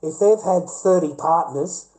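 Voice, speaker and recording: A middle-aged Australian man rants casually to camera, telling a rambling, repetitive, profane story. His voice is a little high and a little slow with a dark tone, and the recording is rough.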